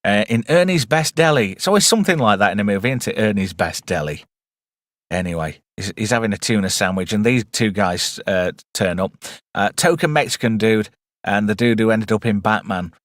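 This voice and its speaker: A man's voice: on the low side, a bit bright, no room sound. Wry man, dry close sound. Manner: chatty and wry, rambling with asides. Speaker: host of a live movie review stream. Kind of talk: casual live-stream film commentary.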